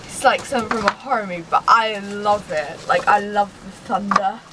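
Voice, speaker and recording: A woman's voice: mid-range voice, fairly even intonation, normal speed. A young woman chatting in a casual vlog in a windy garden, giggly and talking in sing-song baby talk to her pets. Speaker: vlogger. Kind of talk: casual outdoor vlog chat. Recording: wind noise outdoors.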